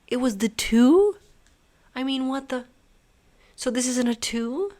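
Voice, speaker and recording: A woman with a voice a bit higher than most talks to herself through a long puzzle solve. She mutters, curses and laughs at her own mistakes as she works. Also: unhurried, darkish tone. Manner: muttering self-talk, swearing and laughing at herself. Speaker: puzzle channel host. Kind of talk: talking to herself while solving a puzzle.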